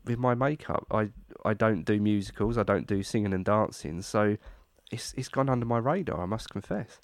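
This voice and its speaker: A man hosts a casual chat, relaxed and self-deprecating as he asks his questions. His voice is fairly low, recorded dry with no room sound. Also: moderate pace, dry recording.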